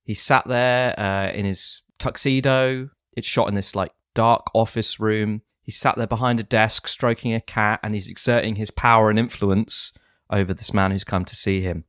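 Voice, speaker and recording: A man co-hosting an improvised comedy sketch, deadpan and earnest. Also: on the low side, normal speed, smooth, dry recording, studio quality. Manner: deadpan, earnest, rising to frantic shouts. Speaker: co-host.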